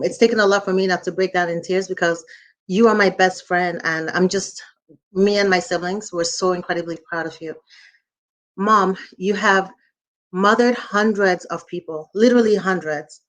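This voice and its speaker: A woman in her forties giving an earnest, emotional tribute speech to her mother at a book launch. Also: mid-range voice. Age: 40s. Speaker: author's daughter, speaker.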